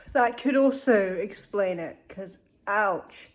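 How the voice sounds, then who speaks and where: A young woman chatting casually to camera in a vlog, candid and chatty with frequent swearing, while in pain. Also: mid-range voice. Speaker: vlogger.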